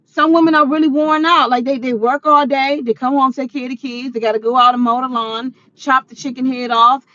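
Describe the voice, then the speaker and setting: Woman, vlogger, high voice, animated rant, exclaiming, slightly muffled lo-fi sound. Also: a little fast, no echo. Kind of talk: ranting commentary.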